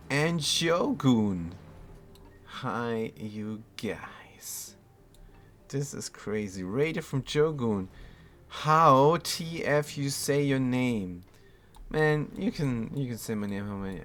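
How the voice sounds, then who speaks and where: A German streamer chats about his game in a laid-back way, reading viewers' messages aloud and chuckling often. His voice is medium in pitch with a fairly bright tone.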